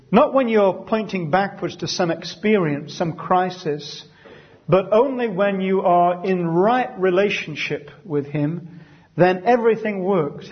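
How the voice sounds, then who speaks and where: A man teaches a Bible study group in a husky, somewhat high voice. He reads scripture slowly and weightily, then explains it in an easy conversational way. The recording is dull and lo-fi.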